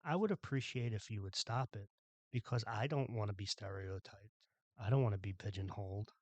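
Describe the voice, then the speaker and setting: A man's voice: on the low side, fairly quick, no room sound. A man from Philadelphia hosting a solo podcast, ranting bluntly with exasperation and plenty of profanity. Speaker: podcast host.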